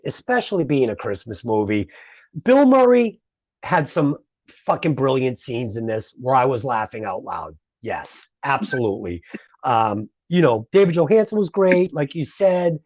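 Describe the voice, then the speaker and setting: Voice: medium pitch, moderate pace, no room sound. A podcast co-host in a casual movie review chat, swearing freely and ranting with lots of heat. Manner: profane, ranting, animated.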